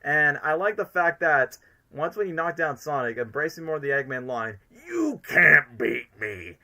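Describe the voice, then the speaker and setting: Bright-voiced enthusiastic male streamer. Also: on the high side, normal speed. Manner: enthusiastic, rambling, fills every sentence with "literally" and "like". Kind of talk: casual fan commentary on a live stream.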